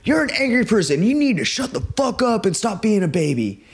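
A man's voice: medium pitch, normal speed, vocal fry, slightly rough, exaggerated voice. A man imitating a friend: an intense young man lecturing someone in a raised, scolding voice.

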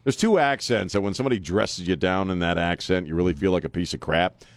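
A man's voice: sits low, fast talker. A man hosting a talk radio show, blunt and joking, laughing often. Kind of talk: casual talk radio banter. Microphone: studio microphone.

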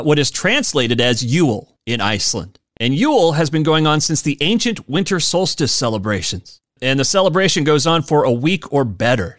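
A man's voice: no echo, clean studio sound. A man hosting a podcast on his own, chatty and joking, laughing at his own asides. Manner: animated, swoops up and down in pitch. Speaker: podcast host. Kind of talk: casual solo podcast talk.

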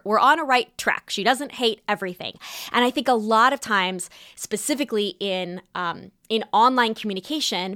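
A young adult woman hosting a podcast, talking in a chatty, animated way with quick asides. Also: fairly high pitch, dry recording, clean studio sound. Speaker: podcast host and style teacher. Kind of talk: casual podcast monologue.

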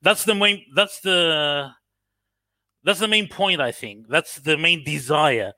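A man's voice: on the high side, slow, sharp tone, no echo. A man from Cyprus with a mixed Australian, American and British accent, calling into a casual football chat and speaking hesitantly with many fillers. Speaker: guest caller.

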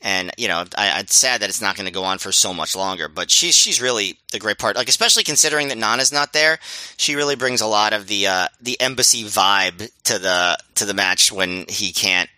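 A man's voice: lowish voice, fairly quick, sharp tone, no echo, poor audio. A man co-hosting a podcast, chatting casually with dry teasing humor. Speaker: podcast co-host.

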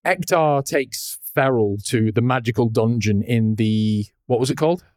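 A man's voice: medium pitch, moderate pace, a little mellow, no echo. Male podcast host, casual chat; laughs a lot and acts out scenes. Dry close mic. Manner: laughs often, swears casually, acts out characters. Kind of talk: casual chat recapping a cartoon.

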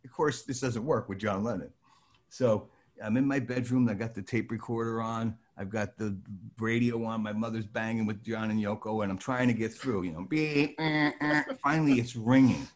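An older man from New Jersey telling a lively anecdote, acting out the voices of the people in it. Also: lowish voice, moderate pace. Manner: lively, acts out voices in his story. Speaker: storyteller guest.

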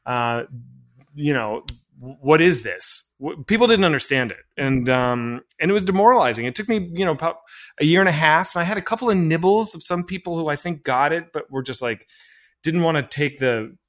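A filmmaker telling a long story in a casual interview, full of fillers and restarts, acting out bits of dialogue. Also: male voice, fairly high pitch, brisk. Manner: animated anecdote-telling with many fillers and restarts; acts out quoted dialogue. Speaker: filmmaker guest.

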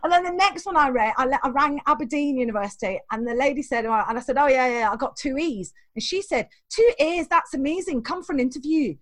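A woman speaks in a high, bright register at a rapid clip. She tells stories with energy, acting out the voices of the people in them and laughing along the way, in an interview setting. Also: no room sound. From England. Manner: animated, acts out voices in her stories, laughs often. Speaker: guest, teacher trainer. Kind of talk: storytelling interview.

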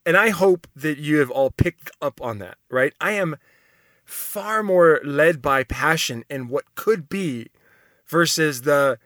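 A man's voice: on the high side, slow, a bit bright, dry recording, studio quality. A man talking casually and enthusiastically, reading out personality test results and reacting with frequent laughter. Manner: enthusiastic, rambling, laughs often.

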